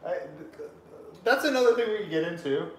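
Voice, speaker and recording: A man's voice: sits high, animated, fast talker. Laid-back young man, roomy sound. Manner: laid-back, laughs a lot. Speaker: podcast host. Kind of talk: casual banter. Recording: echoey room, faint background hum.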